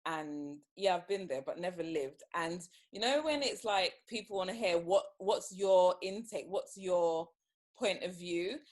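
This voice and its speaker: A woman's voice: on the low side, expressive, measured pace. A woman hosting a casual podcast chat, speaking carefully and hesitantly, often restarting her sentences. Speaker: podcast host.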